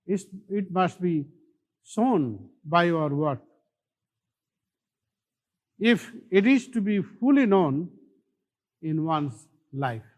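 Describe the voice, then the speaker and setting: A male pastor with an Indian English accent, preaching a sermon slowly and deliberately, leaning hard on key words. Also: sits high, animated. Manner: slow, deliberate preaching with emphatic stresses.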